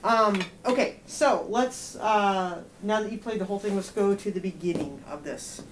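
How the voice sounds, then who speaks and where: A woman's voice: medium pitch, normal speed, slight background noise. A woman giving a student one-on-one feedback in a music lesson, direct and explaining with everyday comparisons. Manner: sings rhythms on nonsense syllables. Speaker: euphonium teacher.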